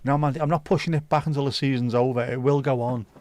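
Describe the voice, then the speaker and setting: A man's voice: medium pitch, steady tone, quick pace, darkish tone, dry recording. A man hosting a livestream, chatting casually and swearing freely while reacting to viewer comments. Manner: laid-back, sweary banter. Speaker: livestream host.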